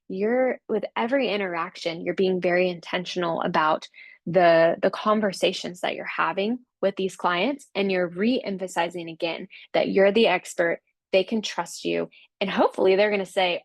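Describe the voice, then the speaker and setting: A woman's voice: on the low side, normal speed, dry recording. Upbeat woman coaching fitness instructors. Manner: upbeat, encouraging, acts out client quotes. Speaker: Pilates business coach. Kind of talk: casual instructional talk.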